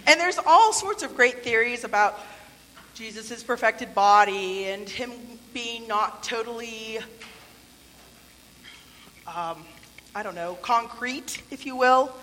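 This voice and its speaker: Speaking slowly with frequent pauses, this woman's highish voice sounds pushed and bright. She delivers a playful, conversational sermon in a church sanctuary, full of asides and acted-out quotes, with long hall reverb on the recording.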